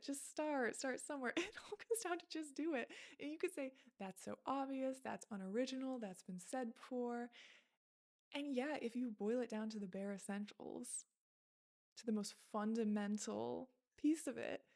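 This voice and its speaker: A young woman talks straight to her followers in a casual vlog. Her voice sits a little high, and she thinks out loud in a chatty, self-reflective way, full of likes and I don't knows. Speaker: content creator.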